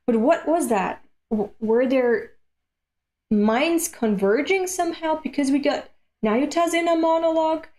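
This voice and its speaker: A woman from Europe hosts a live-stream read-along, talking slowly and unhurriedly. Her voice sits a little high. She reacts in animated bursts and swears freely. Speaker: streamer reading manga aloud.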